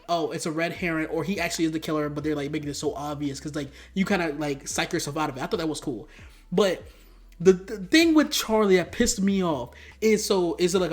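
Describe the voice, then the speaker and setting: Excitable, profane man ranting about films. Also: sits high. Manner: excitable, profane, rambling, with sudden loud outbursts. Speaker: movie reviewer. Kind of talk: casual rant commentary.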